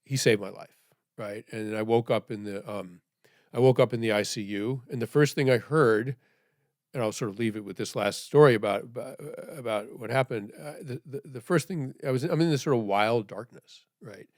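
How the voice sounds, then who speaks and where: A middle-aged man telling a story as a podcast guest, rambling and checking in with "right?", dropping to a hushed voice at grave moments. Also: medium pitch, normal speed, no echo, studio quality.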